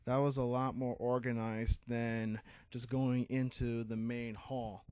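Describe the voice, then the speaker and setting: A young man co-hosting a podcast in casual chat, relaxed and agreeable, swearing now and then. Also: mid-range voice, slow pace, clean tone, no echo, studio quality. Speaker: podcast co-host.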